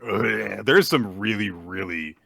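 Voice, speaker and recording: A man's voice: lowish voice, measured pace, creaky, a bit bright, slightly rough, no room sound. A man hosting a casual chat show, recapping a story in a laid-back way with lots of fillers and frequent laughs. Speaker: podcast host.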